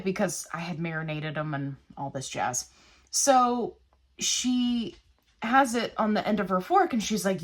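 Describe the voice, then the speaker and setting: A woman's voice: lowish voice, unhurried. Chatty woman telling a rambling story. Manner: chatty, rambling, animated retelling. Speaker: vlogger. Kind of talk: casual storytelling vlog. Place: small old house, cooking at home.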